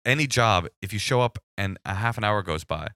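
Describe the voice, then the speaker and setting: A man telling a long story in casual podcast chat, acting out the people in it with lively bursts. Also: on the low side, brisk, clear, resonant tone, no room sound, studio quality. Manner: animated storyteller acting out both sides of calls. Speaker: podcast guest.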